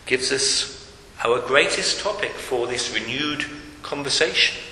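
Male preacher, high and sharp voice, emphatic, repetitive sermon delivery, long hall reverb. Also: measured pace. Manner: emphatic, repeating phrases, dropping to hushed tones. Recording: echoey hall with faint hiss.

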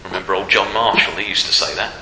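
A male preacher giving a Sunday sermon, asking rhetorical tag questions and pausing on fillers, in a church hall with a long reverb. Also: low voice. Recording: roomy hall reverb, faint noise.

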